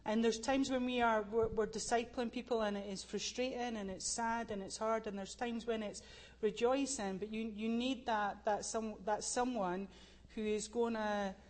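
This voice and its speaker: A Scottish woman speaking on a church panel, earnest and halting with many restarts. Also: on the high side, fairly even intonation, darkish tone.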